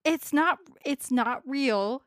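A woman co-hosting a casual chat, calmly commenting on a video and reassuring her friend with a light laugh. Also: high voice, takes it slowly. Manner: calm, reassuring, chuckles often.

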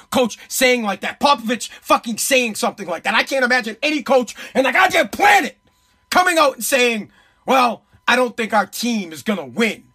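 A man's voice: very high-pitched, pushed and bright, husky. A man, ranting as a sports radio host in profane, emphatic, repetitive bursts. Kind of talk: heated sports commentary rant.

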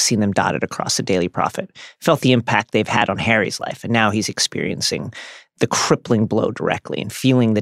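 A man hosting a podcast, reading a scripted literary analysis in a steady, measured way. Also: fairly low pitch, vocal fry, no room sound, studio quality. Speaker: podcast host.

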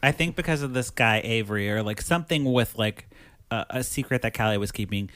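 A man's voice: lowish voice, fairly quick, a bit bright, no echo. A man co-hosting a podcast, recapping a movie in casual chat, rambling and acting out the characters' lines. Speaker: podcast co-host.

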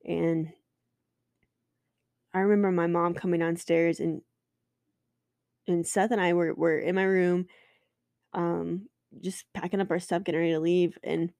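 A woman's voice: lowish voice, a little slow, long pauses, no room sound, clean studio sound. A woman in her twenties, a podcast host telling a personal story candidly and emotionally, swearing and restarting often.

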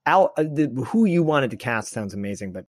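A man's voice: medium pitch, big pitch swings, brisk, no room sound, clean studio sound. A man hosting a podcast, chatting casually and rambling through his thoughts. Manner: rambling, restarts often. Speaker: podcast host. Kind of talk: casual chat.

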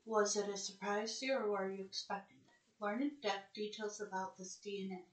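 A woman's voice: mid-range voice, steady tone, moderate pace, echoey room, low-quality recording. A woman from the United States thinking aloud and reading search results aloud in a casual vlog, easily surprised.

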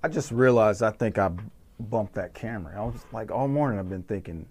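A man's voice: lowish voice, brisk, slightly rough. A man co-hosting a casual talk show, joking around in laid-back banter. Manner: laid-back, joking, lively ups and downs. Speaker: co-host. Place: home studio set.

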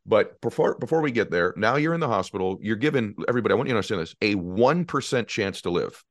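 A man's voice: lowish voice, lively intonation, fast, dry recording. A man hosting an interview, responsive with frequent affirming murmurs and openly moved by the story. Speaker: podcast host. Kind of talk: interview conversation.

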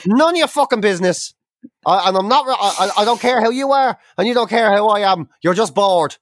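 A man's voice: high voice, brisk, a bit bright, slight background noise. A young man co-hosting a podcast, telling stories in a swearing, exasperated rant. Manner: sweary, ranting, exasperated storytelling. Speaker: podcast co-host. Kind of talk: casual chat.

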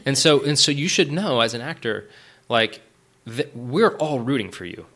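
A middle-aged man, a writer and director, talking casually as a podcast guest, animated, with many fillers and restarts. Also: mid-range voice, moderate pace. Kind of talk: casual interview talk.

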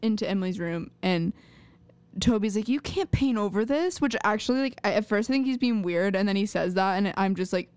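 A woman's voice: medium pitch, fairly quick, smooth, no room sound. A young woman co-hosting a podcast, recapping a TV episode in casual chat with laughing, mock-outraged asides. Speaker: podcast co-host.

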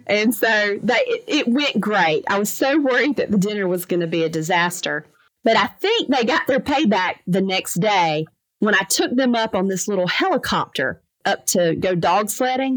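A woman lawyer telling lively anecdotes in a casual interview, acting out the voices of the people in her stories. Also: medium pitch, no echo, rough recording. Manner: animated, fast anecdotes with lively quoted voices. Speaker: trucking lawyer, podcast guest.

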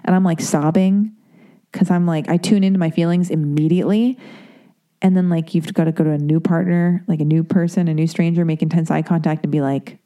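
Here a woman speaks in a low, warm voice, brisk and fairly even in intonation. Her personal story comes out candid and rambling, like a confession, peppered with "like" and "you know."

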